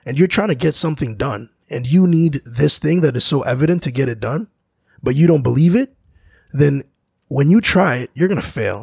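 A man, a musician, talking in a slow, searching, philosophical way, often restarting his sentences. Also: fairly high pitch, creaky, darkish tone, husky, no room sound. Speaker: musician guest. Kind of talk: reflective conversation.

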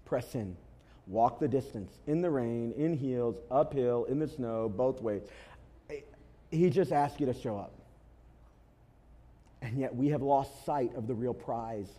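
A man preaching a sermon to his congregation as pastor, telling an animated story and driving points home with emphatic repetition. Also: mid-range voice, measured pace, pauses often. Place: church before a congregation.

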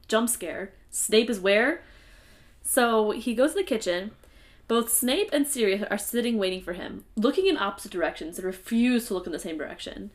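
A woman in the middle of her range, walking through a story recap in relaxed podcast chat. She talks it through loosely and now and then drops a dry, sarcastic aside. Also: mid-range voice. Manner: conversational summarizing, playful sarcasm. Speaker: podcast co-host. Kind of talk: casual book discussion podcast.

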